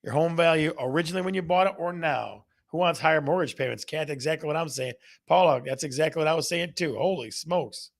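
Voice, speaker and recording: Man, middle-aged, live-stream host, playful, gravelly voice, slightly high. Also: quick pace. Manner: playful, repeats questions to the audience. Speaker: real estate show host. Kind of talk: live-stream chat with viewers.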